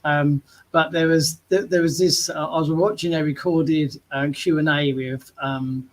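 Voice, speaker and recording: A man's voice: on the high side, fairly even intonation, measured pace, low-quality recording. A man co-hosting a live online show, chatting casually and retelling stories with lots of asides. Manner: chatty storyteller, retells scenes in quoted voices. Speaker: co-host of a live marketing show. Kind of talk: casual chat.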